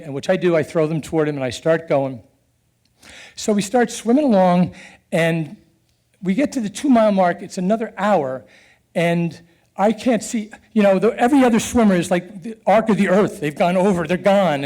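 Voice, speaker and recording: Middle-aged man, earnest storyteller; high pitch, warm mellow tone, animated. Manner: earnest and animated, with chuckles and halting restarts. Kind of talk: personal storytelling.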